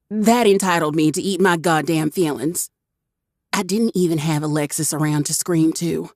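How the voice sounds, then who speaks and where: A woman reads a first-person audiobook in a slightly low voice and a very slow, deliberate rhythm. Her storytelling is wry and expressive. The recording is dry and close, with no room sound. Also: no echo. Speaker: audiobook narrator.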